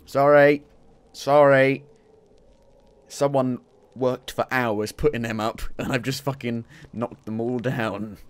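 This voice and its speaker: A man with a medium-pitched, steady voice keeps a measured pace and barely pauses as he streams his playthrough. He's chatty and jokey, talking to himself the whole time he plays.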